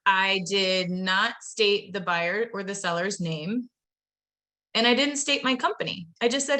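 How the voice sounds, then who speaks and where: A woman presenting a live online training webinar with a bright, forceful tone. She talks in a chatty, upbeat way and speaks straight to her viewers. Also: medium pitch, unhurried. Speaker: webinar presenter training real estate agents.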